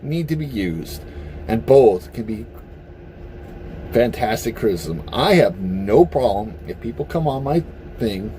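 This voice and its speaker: Male vlogger, mellow voice, lively pitch, profane heated rant. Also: a little slow, slight background noise. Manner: profane and blunt; animated, heated. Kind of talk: casual opinion rant.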